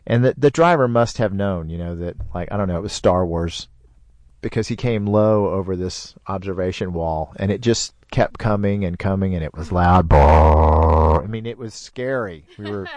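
A man telling a personal story in casual conversation, lively, with sound effects. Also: low-pitched, moderate pace, dry recording. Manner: animated, with sound effects and put-on voices in quotes. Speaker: storyteller guest.

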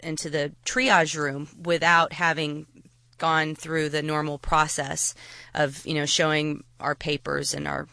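A woman telling a personal story to an audience, halting, with frequent restarts. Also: sits low, pushed and bright, dry recording.

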